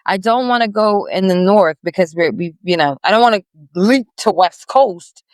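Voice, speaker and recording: A woman's voice: mid-range voice, expressive, normal speed, no echo. A woman guest on a business podcast, chatting in a rambling, friendly way with many restarts. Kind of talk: casual interview chat.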